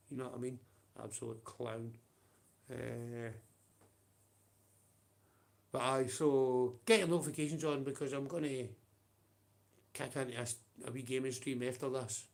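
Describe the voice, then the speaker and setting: A man's voice: medium pitch, fairly even intonation, moderate pace, vocal fry, pauses often. A man with a Scottish accent ranting on a livestream, profane and confrontational, with blunt taunts.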